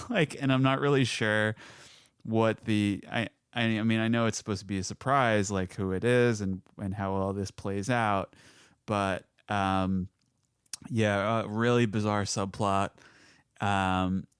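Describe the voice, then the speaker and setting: A man guesting on a podcast, talking in a hesitant, halting way with many restarts. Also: on the low side, steady tone, clean tone, dry recording, studio quality. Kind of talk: casual podcast chat.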